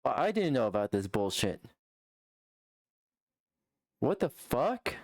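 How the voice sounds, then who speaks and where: A woman's voice: rumbling low, big pitch swings, slow pace, no room sound, clean studio sound. A woman streamer reacting on a live stream, casually, swearing a lot, with frequent fillers and restarts.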